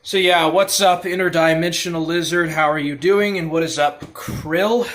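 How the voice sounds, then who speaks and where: A man hosting a livestream, rambling through a monologue and reading out chat messages, repeating himself and drifting between loud and muttered. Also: a little high, steady tone, moderate pace. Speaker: livestream host.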